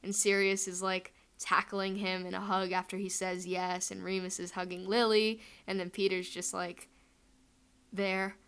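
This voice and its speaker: A woman's voice: medium pitch, level tone, unhurried, fairly bright tone, clear, resonant tone. A young woman telling a fan headcanon story in a chatty, rambling way, full of fillers.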